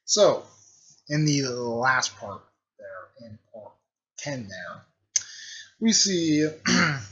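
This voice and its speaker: A man's voice: medium pitch, a bit bright. Guy rambling a recap, lots of uh and stuff like that, muffled lo-fi audio. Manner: rambling, many fillers and frequent throat clearing. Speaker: video creator recapping a fan series. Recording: dull lo-fi recording.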